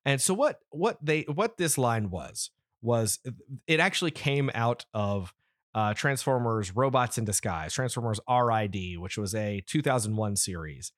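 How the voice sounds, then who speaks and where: This podcast host, a man in his thirties, speaks in a mid-range voice that's animated yet measured in pace. He drifts through casual nerdy conversation, restarting often and leaning on fillers, recorded in a studio with no room sound.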